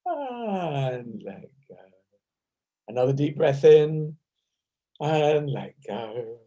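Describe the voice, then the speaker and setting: High-voiced, slow-talking British man. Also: sing-song, mellow, rough recording. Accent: British English. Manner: playful, chatty, breaks into bursts of laughter. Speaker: laughter yoga leader. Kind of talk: leading a group exercise over video call. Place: at a desk at home. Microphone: desk microphone.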